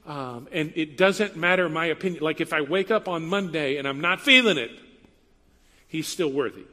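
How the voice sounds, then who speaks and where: A man's voice: a little high, normal speed, pushed and bright, big-room sound. A man giving a sermon as a pastor, speaking in a conversational style with emphatic repetition.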